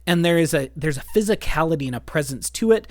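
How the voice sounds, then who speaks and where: Animated and quick, a podcast co-host discussing movies casually fills the talk with "like"s and false starts. Their voice is mid-pitched, captured dry and up close without echo.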